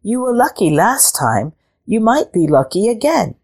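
Old farmer dad, firm and urging, slow delivery, read by a woman. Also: mid-range voice, big pitch swings, darkish tone, slightly rough, voice pushed up, heavily acted. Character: insistent old male farmer father.

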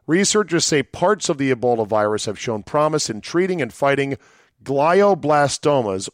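A man's voice: dry recording, studio quality. A man hosting a solo podcast, casual and profane, with sarcastic, mock-dramatic asides. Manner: sardonic, mock-dramatic asides with sudden pitch jumps; profane and conversational. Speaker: podcast host.

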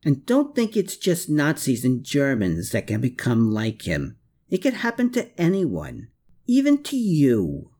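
A man's voice: mid-range voice, huge pitch swings, unhurried, dark tone, pitched above the performer's own voice. A man reading aloud, voicing a bitter, contemptuous man who snarls his lines in a raised voice. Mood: cold taunting.

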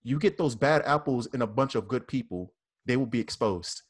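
A man's voice: mid-range voice, normal speed, breathy edge. A man with a Southern US accent, a police officer speaking earnestly and with repetition as a guest in a casual panel discussion.

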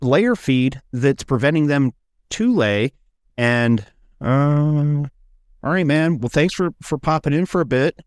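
A man's voice: on the high side, lively intonation, slow pace, smooth, no room sound, studio quality. A man hosting a podcast, telling loose, profane stories in casual chat. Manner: rambling, profane storytelling. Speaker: podcast host.

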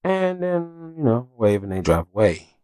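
A man's voice: mid-range voice, big pitch swings, moderate pace, mellow, smooth, no room sound. A man hosting a casual solo podcast, talking candidly and with plenty of swearing as he rambles through stories. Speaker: podcast host.

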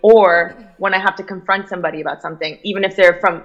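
A young adult woman from Miami with a Miami accent, telling stories in casual chat, animated, full of fillers and quoted voices. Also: lowish voice, fast, lo-fi sound. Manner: chatty, animated storytelling with many likes and quoted voices. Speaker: guest.

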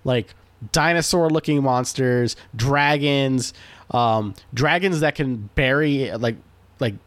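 A man's voice: mid-range voice, takes it slowly, no echo. A man co-hosting a casual gaming podcast, telling stories animatedly with lots of swearing and fillers. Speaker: podcast co-host.

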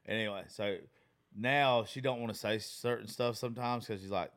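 Thirties guy, low voice, rambling with likes and swears, laid back chat. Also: fairly even intonation, moderate pace, fairly bright tone. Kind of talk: casual chat.

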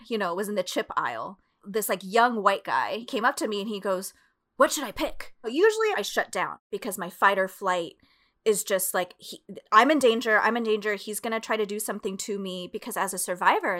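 A woman guest on a podcast, sharing candid personal stories in an animated, expressive way with lots of "like". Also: medium pitch. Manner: animated and expressive, heavy use of "like". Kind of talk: candid conversational storytelling.

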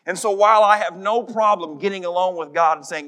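A middle-aged man preaching a sermon as pastor, emphatic, dropping to a soft voice in prayer. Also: high-pitched, fairly quick, hardly any pauses.

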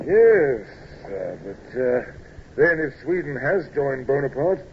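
A man's voice: mid-range voice, sing-song, slow pace, dull audio. A man playing a loyal naval captain in an old radio drama, speaking in a dutiful, deferential way. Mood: concerned. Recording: old radio recording with faint hiss.

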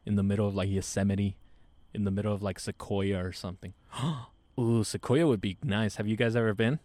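A man's voice: on the low side, steady tone, brisk, darkish tone, no echo. A young man co-hosting a podcast outdoors in a park at night, joking around and laughing in a laid-back way. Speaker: podcast co-host. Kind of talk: casual chat. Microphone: podcast microphone.

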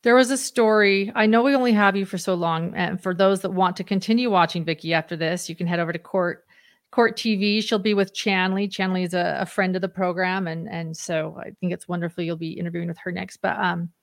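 A woman hosting an interview, gently encouraging her guest to share stories. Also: lowish voice, fairly even intonation, brisk. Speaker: host.

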